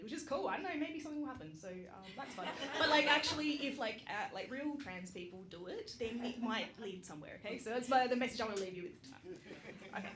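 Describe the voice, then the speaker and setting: Chatty Australian speaker with roomy echo. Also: female voice, fairly high pitch. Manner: chatty and self-deprecating, laughs often, many ums. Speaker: speaker at a community vigil. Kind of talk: casual storytelling speech. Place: public gathering in a roomy space. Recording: roomy echo with background noise.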